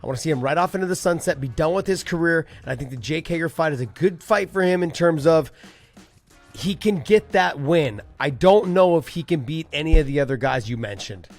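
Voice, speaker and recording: A man's voice: fairly high pitch, lively intonation, fairly quick, faint music behind. A man co-hosting a casual sports podcast, joking and teasing as he talks. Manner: joking, teasing, laughs easily. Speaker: podcast co-host.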